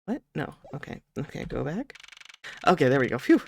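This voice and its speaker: A streamer casually playing through a story game, animated and laughing often between read lines. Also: mid-range voice, normal speed, gravelly, a little hiss or hum. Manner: giggly, animated, frequent laughter.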